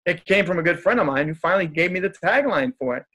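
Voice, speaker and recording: Upbeat joking man, slightly high voice. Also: animated, fast talker, bright, forceful tone. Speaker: guest, motivational speaker. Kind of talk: casual storytelling in conversation.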